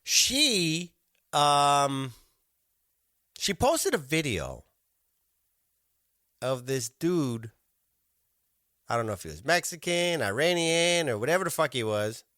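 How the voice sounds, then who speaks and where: A man's voice: a little high, sing-song, slow pace, long pauses, pushed and bright, no room sound, studio quality. A man hosting a podcast, ranting in casual chat, swearing constantly and mocking people as he tells a story. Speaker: podcast host.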